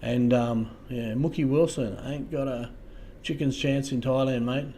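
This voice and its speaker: An Australian man hosting a casual livestream, talking to viewers in a halting way, repeating words and trailing off softly. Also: mid-range voice, fairly even intonation, a little hiss or hum. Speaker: livestream host.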